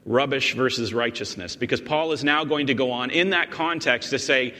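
A man's voice: mid-range voice, moderate pace, pushed and bright. A man preaching a sermon as pastor, explaining a text in an emphatic way and often restarting and repeating words. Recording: long reverb in a large hall.

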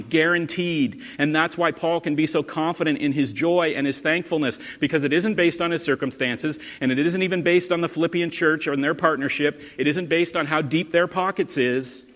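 A man's voice: a little high, fairly bright tone. A male pastor giving a sermon in an earnest, conversational way, asking his listeners questions. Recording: long hall reverb.

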